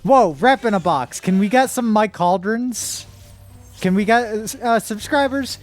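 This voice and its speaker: Over soft background music, a woman gaming on stream talks loosely with her audience, wandering between topics with plenty of emotion and abrupt bursts of frustration. She has a mid-range, expressive voice and an unhurried delivery.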